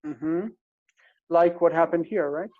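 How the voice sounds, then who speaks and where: A man teaching a casual Hebrew grammar lesson, explaining step by step and repeating words slowly. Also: fairly high pitch, steady tone. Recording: dull lo-fi recording.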